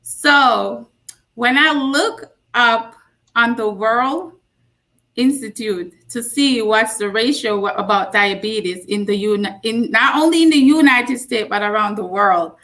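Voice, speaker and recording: Slow-talking Jamaican-born woman nurse. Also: a little high. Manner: slow, warm storytelling with emphatic repeats. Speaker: guest speaker, nurse practitioner. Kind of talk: casual health talk.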